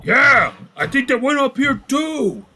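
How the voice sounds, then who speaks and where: A man voicing rowdy male orcs charging up the stairs, shouting to each other. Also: very high-pitched, big pitch swings, measured pace, a little hiss or hum, voice pushed up, full character voice.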